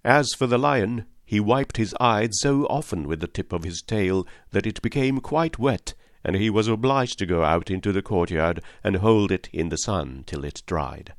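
A man narrating a classic storybook in a calm, measured reading. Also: lowish voice, no room sound, clean studio sound. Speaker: audiobook narrator.

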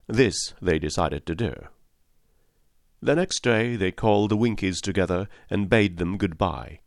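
A man narrates a classic children's story in a calm, measured reading voice. His pitch sits on the low side. The recording is dry and close, with no room sound. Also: dry recording. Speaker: audiobook narrator.

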